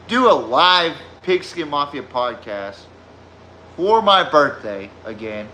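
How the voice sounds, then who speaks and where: A slow, unhurried man with a deep Southern drawl hosts a laid-back sports podcast. His voice is bright and forceful, and he wanders through loose, swear-heavy stories. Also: big pitch swings, slight background noise. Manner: rambling, profane storytelling. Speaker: podcast host. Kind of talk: casual sports podcast chat.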